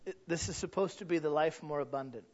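A man preaching a sermon as a pastor, swinging from quiet storytelling to loud shouted points, with humor. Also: a little high, fast. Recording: dull lo-fi sound.

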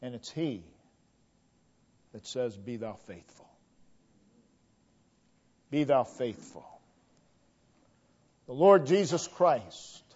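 A man preaching a sermon, slow and emphatic, repeating a refrain and swinging between loud declarations and hushed tones. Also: a little high. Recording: dull lo-fi recording.

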